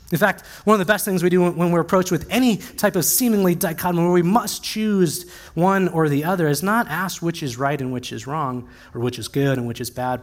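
A man preaching a sermon in a conversational, animated way, acting out little asides as he tells the story. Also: on the high side.

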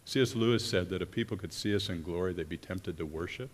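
A man preaches with a very deep, low-pitched voice that trails through the long reverb of a large church hall. He speaks earnestly and haltingly, often stopping partway and starting his sentences again. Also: a little hiss or hum. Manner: earnest, halting with many restarts. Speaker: pastor or worship leader. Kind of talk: sermon.

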